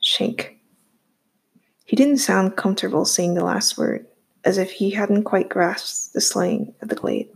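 A woman reading a novel aloud in a steady storytelling manner. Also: medium pitch, normal speed, gravelly, husky. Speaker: audiobook reader.

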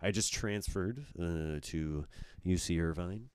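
A man's voice: low-pitched, slow, clear, resonant tone. A man from Orange County, chatting casually as a podcast guest in a rambling, laid-back way full of "kinda" and "dude". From Orange County, California. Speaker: podcast guest, comedy show organizer. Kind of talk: casual chat.

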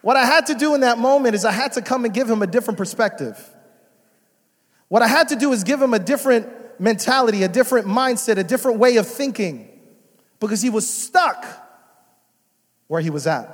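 A young adult man preaching a sermon as a pastor, moving from soft prayer to loud exhortation. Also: very high voice, expressive, a little fast, pauses often. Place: church sanctuary. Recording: reverberant church hall.

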